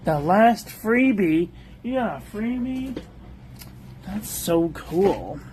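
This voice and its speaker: A man's voice: high-pitched, expressive, slow pace, darkish tone, a little hiss or hum. A man casually reviewing stationery on a livestream, listing paper traits in short clipped phrases and chatting with viewers between items. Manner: chats aside with live viewers.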